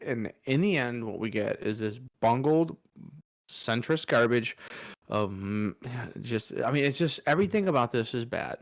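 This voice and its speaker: A man's voice: medium pitch, expressive, normal speed, no room sound, clean studio sound. A man co-hosting a podcast, giving a frustrated, emphatic political opinion. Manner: frustrated, emphatic, mocking quotes. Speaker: podcast co-host.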